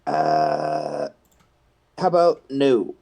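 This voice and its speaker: Warm mellow dude at a tabletop game, teasing and joking around. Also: male voice, on the high side, extremely slow, gravelly. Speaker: player, bard character.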